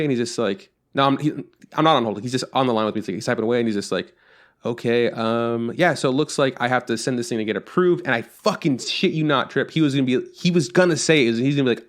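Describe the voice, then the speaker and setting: This man speaks at a quick pace with a medium pitch. He's a podcast co-host telling a story in loose chat, performing both parties of a phone call and cursing a lot out of exasperation.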